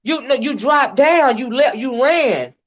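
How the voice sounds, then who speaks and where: A woman's voice: sits high, expressive, unhurried. A woman hosting a casual panel chat, sassy and teasing, laughing often. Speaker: channel host. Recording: dull lo-fi stream audio.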